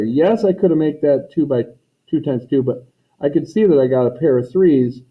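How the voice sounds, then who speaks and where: A man teaching a math lesson in a folksy way, talking students through each step and repeating his catchphrases. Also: medium pitch. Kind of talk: recorded classroom lesson. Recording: tinny phone-like recording.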